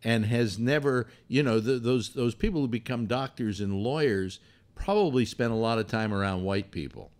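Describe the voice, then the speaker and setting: A man hosting a casual call-in show, rambling and halting with many restarts. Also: medium pitch, a little mellow. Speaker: host.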